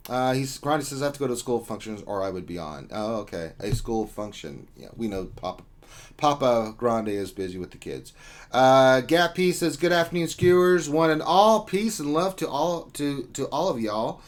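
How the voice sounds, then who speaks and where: A man's voice: mid-range voice, animated, normal speed. Joking man hosting a gaming livestream. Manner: joking, rambling, with many ums and uhs. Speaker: livestream host. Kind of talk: casual chat reading out viewer greetings.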